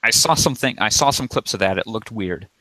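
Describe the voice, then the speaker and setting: A young man hosts a podcast in loose, jokey chat. He laughs easily and trails off mid-thought, and his low voice has a bright, forceful edge. The sound is dry and close to the mic. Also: lively intonation, fairly quick, no echo, poor audio. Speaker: podcast host. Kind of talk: casual chat.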